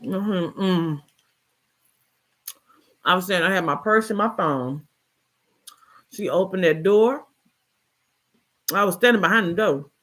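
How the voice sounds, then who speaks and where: A woman reading a short story aloud, then telling a personal story in a chatty, expressive way with colloquial asides. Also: fairly low pitch, takes it slowly, long pauses.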